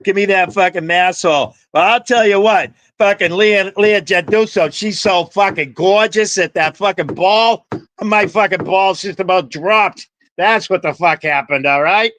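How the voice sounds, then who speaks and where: A man's voice: high-pitched, a little slow, fairly bright tone. A man hosting a livestream, chatting with viewers by name in a rambling, profane, jokey way. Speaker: livestream host.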